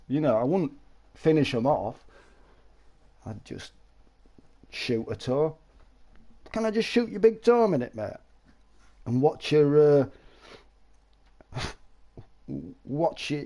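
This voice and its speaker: A man live-streaming, chatting casually with viewers, rambling and laughing, with exaggerated shouted sound effects. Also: medium pitch.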